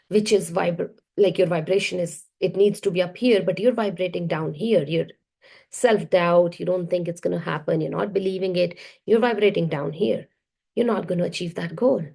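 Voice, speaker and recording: A woman's voice: medium pitch, gravelly, warm tone, slightly rough. A woman self-worth coach giving an emphatic, repetitive motivational masterclass talk.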